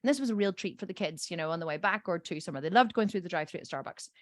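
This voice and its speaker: A woman's voice: lowish voice, lively intonation, rapid-fire, dry recording, studio quality. A woman hosting a coaching podcast, a mother telling a story in an emphatic, swearing way and acting out the voices of the people in it. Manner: acts out quoted voices in her stories. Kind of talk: storytelling monologue.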